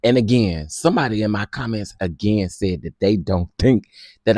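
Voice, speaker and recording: A man hosting a casual gossip commentary, sassy and dramatic, who often bursts into loud laughter. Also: lowish voice, moderate pace, no room sound, studio quality.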